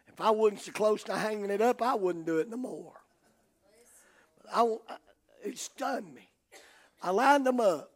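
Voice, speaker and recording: An older man with a Southern US accent preaching a sermon, telling folksy stories and swinging from hushed tones to shouting. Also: sits high, moderate pace. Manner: folksy storytelling.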